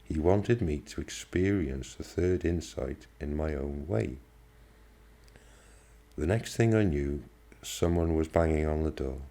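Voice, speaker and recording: Man, audiobook reader, first-person novel, steady measured pace, very deep voice, dark mellow tone.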